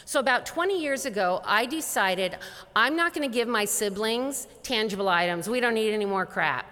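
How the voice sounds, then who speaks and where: A woman gives a motivational keynote in a big conference hall, and her bright, forceful voice rings out with a long reverb. She tells stories in an animated way and acts out both sides of each conversation. Her pitch sits a little high for a woman. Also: moderate pace. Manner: animated storyteller acting out dialogue. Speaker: conference speaker.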